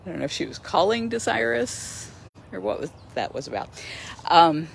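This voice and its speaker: A woman's voice: fairly low pitch, sing-song, normal speed, vocal fry, a little hiss or hum. A woman hosting a casual livestream outdoors near a lake, chatty and enthusiastic, laughing often as she talks into her phone. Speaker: host of a sanctuary livestream. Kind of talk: casual live-stream chat.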